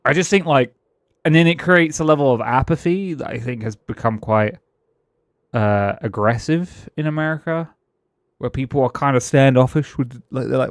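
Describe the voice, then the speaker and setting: A man's voice: medium pitch, moderate pace, no room sound. Rambling British man, dry close sound. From Britain. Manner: rambling, musing, chuckles between thoughts, restarts sentences. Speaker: streamer. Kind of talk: casual gaming-stream chat.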